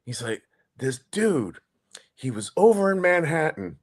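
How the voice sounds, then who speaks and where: A man's voice: fairly high pitch, a little slow, husky. A man, co-hosting a podcast, telling a story in casual, swearing chat and acting out the people in it. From New York. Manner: animated storyteller, swears, acts out quoted people. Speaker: podcast co-host.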